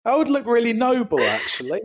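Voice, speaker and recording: Animated, playful podcast co-host. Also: male voice, very high voice, fairly quick. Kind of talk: casual chat.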